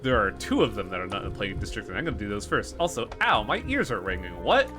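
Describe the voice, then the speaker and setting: Excitable man streaming a game. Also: fairly low pitch, fast talker, over music. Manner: excitable, swears, reads game text aloud. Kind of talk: live gameplay commentary.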